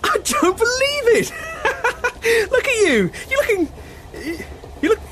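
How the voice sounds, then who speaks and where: A man playing an excitable, vain magazine editor who gushes, giggles and stumbles over his words on a train. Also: high-pitched, fairly quick, noisy background. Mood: delighted.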